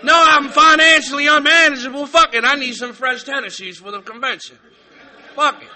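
A middle-aged man telling his story at a recovery meeting, profane and comic, shouting at times and then going quiet and sincere. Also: very high voice, a little fast. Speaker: speaker sharing at a recovery meeting. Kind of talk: raw comedic testimony. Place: meeting room.

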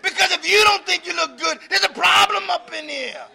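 A man testifies at a recovery meeting in a piercingly bright, high voice with a gravelly edge. He preaches more than he chats, often raising his voice to a shout for emphasis. He laughs between his points. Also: brisk, some chatter behind.

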